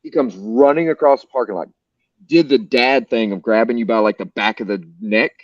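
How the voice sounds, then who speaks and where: A man's voice: medium pitch, fairly quick, no echo, lo-fi sound. A man from the United States hosting a live stream, telling a rambling, profane anecdote with many fillers. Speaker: stream host. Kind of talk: casual storytelling on a live stream.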